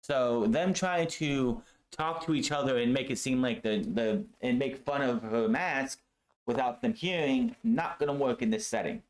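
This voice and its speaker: A man talks through a show recap at home in a loose, offhand way, with a middling voice that is neither high nor low. He is blunt and sarcastic and swears without a second thought. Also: moderate pace. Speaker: wrestling show reviewer. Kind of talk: casual recap commentary. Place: home room.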